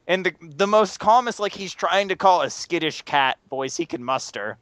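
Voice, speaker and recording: A man's voice: high-pitched, lively intonation, moderate pace, fairly bright tone. A man hosting a podcast, telling a vulgar story in a rambling way and laughing at his own jokes. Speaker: podcast host. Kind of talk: vulgar storytelling between drinking shots.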